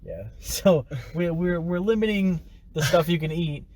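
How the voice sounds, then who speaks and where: A man's voice: a little high, unhurried, darkish tone, dry recording. A young man co-hosting a podcast, rambling casually and laughing often. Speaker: podcast co-host. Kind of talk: casual chat.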